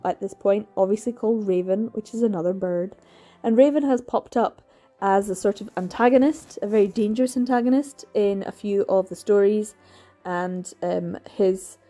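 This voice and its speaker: A woman's voice: medium pitch, mellow. A woman, chatting casually and enthusiastically about books she has read, with lots of fillers and little laughs. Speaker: book reviewer. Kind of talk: casual chat.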